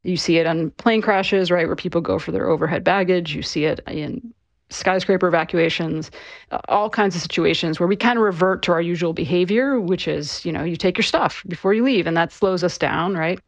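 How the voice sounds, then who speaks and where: Low-voiced woman explaining clearly. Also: a little fast, dry recording. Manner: conversational, clear, with frequent fillers like "you know" and "right". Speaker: author and interview guest. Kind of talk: explanatory interview answers.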